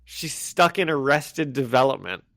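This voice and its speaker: A man's voice: medium pitch, unhurried, no room sound, studio quality. A man co-hosting a podcast, recapping comic issues in casual chat and acting out the characters' lines. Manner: animated, acts out quoted lines in voices. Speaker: podcast co-host.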